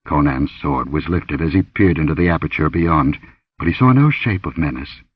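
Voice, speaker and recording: A man narrating a fantasy adventure audiobook in a dramatic, expressive reading. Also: extremely low pitch, moderate pace, slightly rough, no echo, recorded from a distance, highs cut off. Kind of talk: scripted narration.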